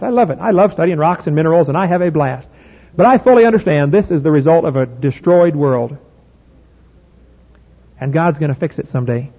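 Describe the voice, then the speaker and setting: Heard through phone-like audio that echoes around a large hall, a middle-aged preacher with a voice on the high side and a breathy edge delivers his sermon. His style is folksy and emphatic, full of rhetorical questions.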